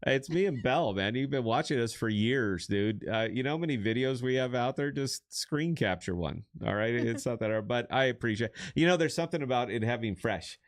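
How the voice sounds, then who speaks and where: A podcast host on a live stream speaks in an animated, mid-range voice, fairly quick with few pauses. He chats casually and rambles, restarting often and breaking into shouting laughs.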